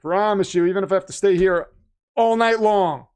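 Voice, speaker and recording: Excitable high-voiced male streamer. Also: moderate pace, smooth. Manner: excitable, talkative, jumps between loud and quiet. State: nervous and keyed up. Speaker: livestream host reading super chats. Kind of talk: casual livestream chat.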